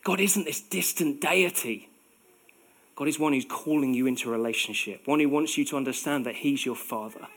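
A man's voice: medium pitch, moderate pace, fairly bright tone. A man in his forties preaching a sermon in a conversational way, with self-deprecating humor.

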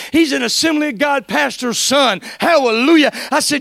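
A middle-aged man, preaching an animated testimony, shouting praise and quoting conversations. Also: extremely high pitch, a little fast, creaky, hardly any pauses, no echo. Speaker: guest preacher. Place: church.

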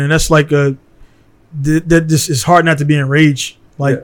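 A blunt, worked-up man from Baltimore talks in a slightly higher than usual voice. He hosts a relaxed podcast conversation in a studio and keeps dropping "man" into his sentences. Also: moderate pace. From Baltimore, USA. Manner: blunt and heated, peppers speech with "man".

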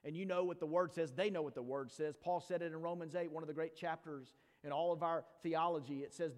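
A man's voice: on the high side, steady tone, darkish tone. Man preaching in a reverberant hall. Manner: reads scripture briskly, then preaches slowly with rhetorical questions; playful asides to the congregation. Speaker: pastor. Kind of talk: sermon.

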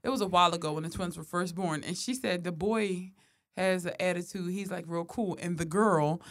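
A woman co-hosting a podcast in casual, slangy chat, animated and often laughing. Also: on the low side, fairly quick. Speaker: podcast co-host.

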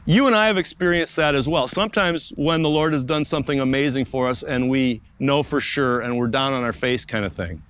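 A man preaching a sermon at an outdoor service in a park, earnest, with slow, emphatic pauses. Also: mid-range voice, a bit bright. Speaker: pastor.

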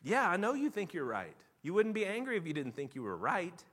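A man preaching a sermon, telling a lively story with animated, rising outbursts before quieting down to make his point. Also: high-pitched, brisk, slightly rough, big-room sound. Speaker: pastor.

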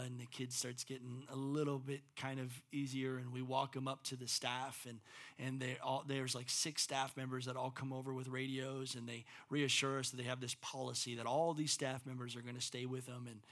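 A middle-aged pastor delivering a sermon, swinging from loud, intense preaching to quiet, personal storytelling. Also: male voice, medium pitch, level tone, brisk.

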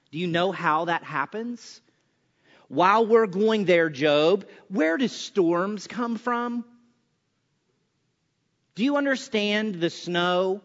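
A man gives a chapel sermon in a conversational style, firing off punchy rhetorical questions and sarcastic asides. His voice is high-pitched and a bit bright, recorded in a reverberant hall with a dull sound.

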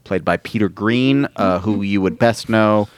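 A man chatting on a podcast, telling stories in a lively way and slipping into little voices for people he quotes. His voice is smooth and resonant. The sound is dry and close. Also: lowish voice, measured pace, dry recording. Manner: animated storyteller who slips into quoted voices. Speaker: podcast host. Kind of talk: casual chat.

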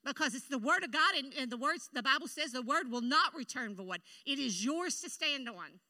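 A woman delivers a sermon in a church. Her voice sits high and rings very bright. She preaches with emphatic, animated energy and drops quick asides to the congregation. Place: church sanctuary.

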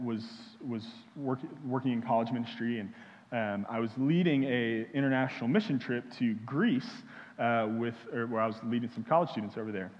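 A young male pastor from Houston gives a sermon in a halting, earnest way, full of "um"s and restarts. His mid-pitched voice rings out with a long hall reverb, and the recording sounds dull and muffled. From Houston, Texas. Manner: halting, many fillers and restarts.

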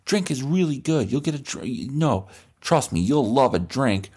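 A man's voice: mid-range voice, lively intonation, darkish tone, husky. A man voicing a pushy, cocky schoolboy bully who talks over the other boy and keeps insisting. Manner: insistent, fast-talking, overbearing.

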